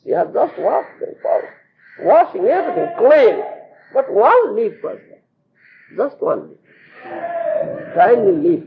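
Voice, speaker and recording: A man's voice: sits high, sing-song, a little slow, long pauses, slight background noise. A man with an Indian English accent giving a storytelling scripture lecture as a spiritual teacher, often checking whether listeners understand. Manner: checks understanding often, laughs while telling. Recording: muffled lo-fi tape.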